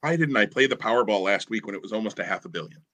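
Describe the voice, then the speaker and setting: A man's voice: fairly low pitch, lively intonation, very fast, bright, forceful tone. A man co-hosting a podcast in casual chat, rambling and enthusiastic with lots of fillers. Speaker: podcast co-host.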